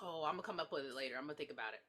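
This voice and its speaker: A woman co-hosting a podcast, excitably acting out movie scenes and laughing as she recaps in casual chat. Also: low-pitched, very fast. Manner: giggly, excitable, acts out scenes. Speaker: podcast co-host.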